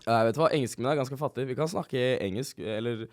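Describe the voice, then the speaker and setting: A young comedian from Turkey chats casually as a podcast guest, his English carrying a Norwegian tinge. He laughs a lot and stumbles over restarts, at a middling pitch, recorded dry and close in a studio. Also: no room sound. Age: young adult. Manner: laughs often, halting restarts.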